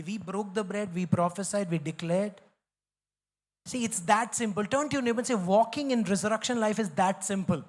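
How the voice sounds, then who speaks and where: A man with an Indian English accent, a pastor preaching a sermon in an emphatic, repetitive way, slipping into Hindi. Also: high voice.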